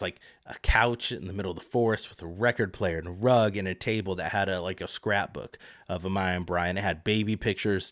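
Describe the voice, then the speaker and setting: Chatty, low-voiced man recapping a show. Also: fairly bright tone, no room sound, clean studio sound. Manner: chatty, opinionated, swears freely. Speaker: podcast host. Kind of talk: casual solo recap.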